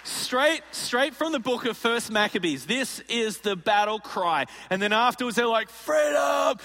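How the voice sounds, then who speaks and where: A male pastor preaches a sermon with a high, bright voice and acts out little scenes with humor. His speech rings through a large church hall with a long reverb. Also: moderate pace. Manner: animated and jokey, acts out scenes.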